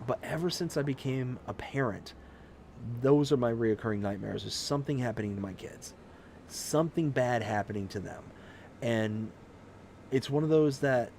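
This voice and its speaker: A man's voice: mid-range voice, darkish tone, slight background noise. A man hosting a live stream of a farming game, chatting casually with viewers and telling a long personal story in a rambling way with many restarts. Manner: reads out and thanks viewers' chat messages.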